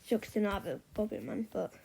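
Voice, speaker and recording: A woman's voice: medium pitch, brisk, creaky, dark tone, breathy edge, low-quality recording. A woman casually narrating a map scenario, rambling with lots of fillers and offhand remarks. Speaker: map video creator. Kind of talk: casual commentary over a map.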